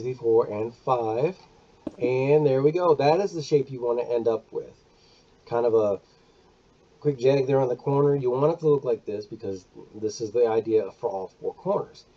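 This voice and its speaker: A man's voice: mid-range voice, lo-fi sound. A man giving a chatty, casual gameplay walkthrough, counting aloud and correcting himself as he goes. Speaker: gaming video creator.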